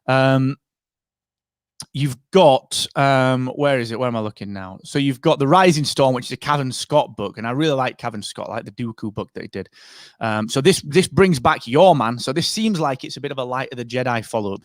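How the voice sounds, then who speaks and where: A man co-hosting a podcast speaks a little fast in a mid-range voice. The chat is casual and rambling, packed with fillers and restarts, and the sound is clean studio audio without echo.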